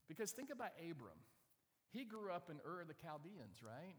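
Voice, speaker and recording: A man's voice: a little high, sing-song, moderate pace, in a large hall. A man preaching a sermon in a conversational way, often asking the audience questions. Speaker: pastor.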